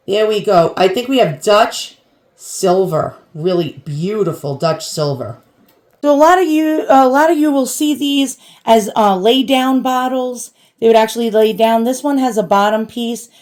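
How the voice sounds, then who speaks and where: Woman, New York accent, chatty vlog host, a little high-pitched, self-deprecating. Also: darkish tone. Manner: chatty and self-deprecating, addresses viewers as boys and girls. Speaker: antiques collector and channel host. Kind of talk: casual show-and-tell vlog.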